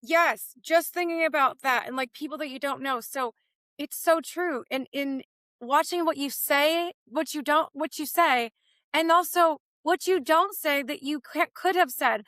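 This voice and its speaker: A woman's voice: sits high, a little slow, a bit bright, no echo. A woman hosting a podcast, telling a personal story in emphatic, conversational chat. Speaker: podcast host.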